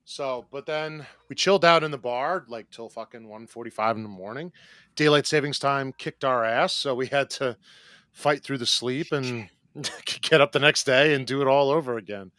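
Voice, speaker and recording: Male podcast co-host, relaxed and rambling, mid-pitched; casual chat recorded dry. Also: normal speed, no room sound. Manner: easygoing, rambling, filler-heavy.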